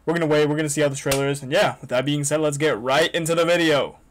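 A young man hosting a reaction video, excitable and swearing often in casual commentary. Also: a little high, rapid-fire, slight background noise.

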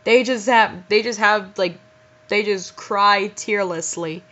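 Slow, bright-voiced woman reading fanfiction aloud. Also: mid-range voice. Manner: incredulous, exasperated asides. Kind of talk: dramatic reading with mocking commentary. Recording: muffled lo-fi recording.

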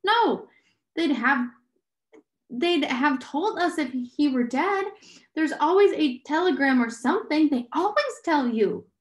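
A woman voicing an anxious, tearful teenage girl, strained and pleading in a raised voice. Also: a little slow. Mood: distressed. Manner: strained and pleading, lifting high.

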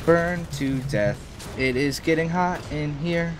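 A man's voice: on the high side, slow pace, a little hiss or hum. A man joking around with teammates during an online game, full of crude wisecracks. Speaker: teammate in voice chat. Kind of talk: casual gaming chat.

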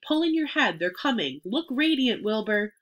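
A woman's voice: a little high, sing-song, normal speed, a bit bright, muffled recording, voice pushed up. A woman doing a bossy old sheep. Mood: urgent. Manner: urgent, commanding.

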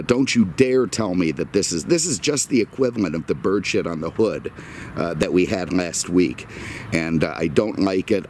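Low voiced guy ranting sarcastically outside at his car lot, faint background hum. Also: a little mellow. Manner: sarcastic, grumbling mock-rant. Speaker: car dealer and video host. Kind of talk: casual outdoor vlog rant.

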